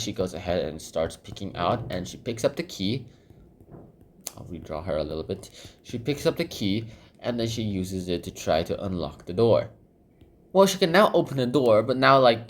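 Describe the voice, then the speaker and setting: Man, low voice, casual book summary while drawing, rambling, lots of fillers. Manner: rambling, filler-heavy, repeats "goes ahead".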